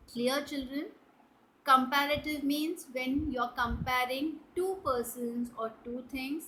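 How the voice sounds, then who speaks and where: A woman teaching schoolchildren grammar at a very unhurried pace, checking often that they understand. Her voice sits a little high and sounds bright. A faint hum of room ambience runs under her words. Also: low-quality recording. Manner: slow, explaining and checking with "right?" and "clear?". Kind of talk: online English grammar lesson for children.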